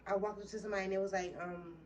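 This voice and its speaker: A woman's voice: mid-range voice, level tone, very fast. Profane young woman telling a story. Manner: heated, profane, rambling retelling. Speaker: vlogger. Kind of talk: casual storytime. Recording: distant mic with faint background noise.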